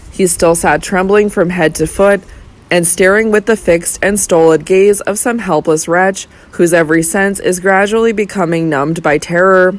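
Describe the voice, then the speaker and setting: An audiobook narrator reading a classic novel in a slow, measured, dramatic way. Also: mid-range voice.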